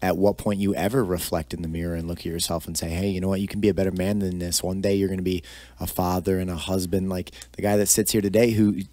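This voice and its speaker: A man's voice: low-pitched, little pitch movement, fast talker, dark tone. A man hosting an interview, asking long, meandering questions full of "like" and "you know.". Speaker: podcast host.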